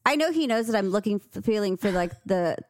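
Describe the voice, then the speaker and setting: A woman's voice: mid-range voice, animated, fast talker, darkish tone. A woman co-hosting a casual podcast chat, teasing and full of "like" fillers. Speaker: podcast co-host.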